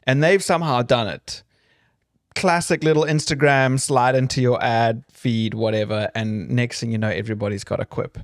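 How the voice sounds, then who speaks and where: A man's voice: medium pitch, fairly even intonation, normal speed, no echo, clean studio sound. A man from South Africa co-hosting a podcast in a casual, joking chat with rambling asides. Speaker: podcast co-host.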